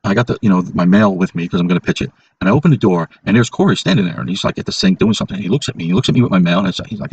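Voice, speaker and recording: A man's voice: low voice, animated, rapid-fire, few pauses, dull audio, a little hiss or hum. A man hosting a casual monologue podcast, talking emphatically and repeating points for stress. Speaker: podcast host.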